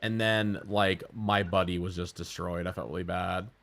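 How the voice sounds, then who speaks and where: A man's voice: low-pitched, fairly even intonation, normal speed, gravelly, fairly bright tone. A man streaming live, telling rambling, profane stories in casual chat.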